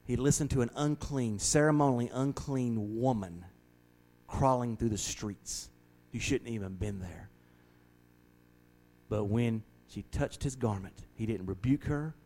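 A man's voice: mid-range voice, unhurried, warm tone, low-quality recording. Pastor guy teaching bible study, earnest and emphatic, stumbles over the first words sometimes. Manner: earnest, emphatic, repeats words when starting.

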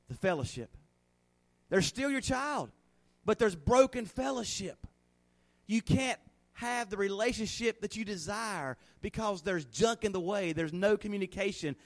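A middle-aged man preaching a sermon in a folksy, animated way, acting out little scenes in a hushed voice. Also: high voice. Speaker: pastor.

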